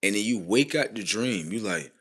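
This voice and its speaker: This is a man rambling through a laid-back livestream at normal speed, animated, profane and full of slang. His frequent laughter comes between sudden loud bursts and quiet mumbles.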